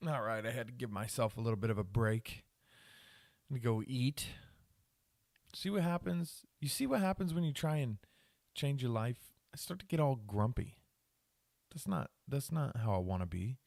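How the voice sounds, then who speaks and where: A man's voice: mid-range voice, normal speed, creaky, long pauses, darkish tone, no echo, studio quality. A man hosting a solo podcast, ranting crudely with lots of swearing and laughing at himself. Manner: self-mocking, laughs at himself. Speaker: podcast host.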